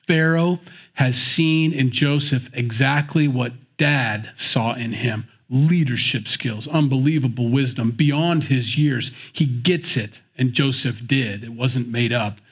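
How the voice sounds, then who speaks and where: A man's voice: medium pitch, slow, breathy edge. A man teaching the Bible in a conversational, joking way, acting out the scenes as he goes. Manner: animated, joking storyteller who acts out the scenes.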